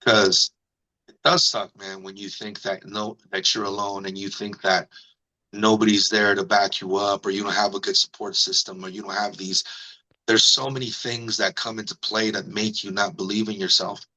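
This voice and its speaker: Bright-voiced man telling a lively story. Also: moderate pace, low-quality recording. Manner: animated, acts out quotes in higher voice; fillers like "you know", "man". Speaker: radio host and guest. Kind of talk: storytelling interview.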